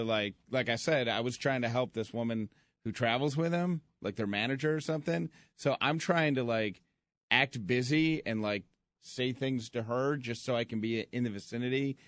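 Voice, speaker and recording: A man's voice: medium pitch, no echo. A man co-hosting a radio show, telling a story in a casual, rambling way with lots of fillers.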